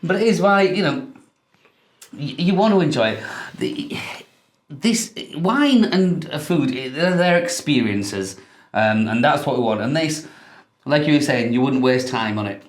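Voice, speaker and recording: A man's voice: fairly high pitch, lively intonation, measured pace. Yorkshire guy chatting about wine, bit hesitant, roomy echoey sound. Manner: chatty, hesitant, laughs easily. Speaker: wine show co-host. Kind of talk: casual wine tasting chat.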